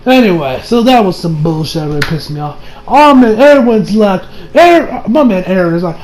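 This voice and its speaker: Profane, high-voiced young man ranting. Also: normal speed, few pauses, crowd noise, low-quality recording. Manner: profane, animated, mimics characters in quotes. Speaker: anime reviewer. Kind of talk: casual recap and rant.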